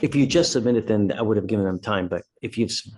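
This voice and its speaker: A man's voice: fairly low pitch, quick pace, a little mellow, poor audio. A man working as a judge, talking through a court docket in an easygoing, chatty but decisive way. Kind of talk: casual courtroom docket talk.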